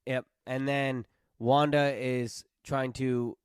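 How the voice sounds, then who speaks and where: A man guesting on a podcast as a film critic, relaxed as he recaps the plot in casual chat. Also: medium pitch, slow pace, clear, resonant tone, dry recording, clean studio sound.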